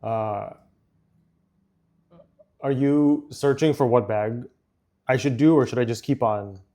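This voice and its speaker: A man's voice: medium pitch, slow, dark tone. Chatty streamer man, rambling. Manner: rambling, with frequent fillers and laughs. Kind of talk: casual chat while building a model set.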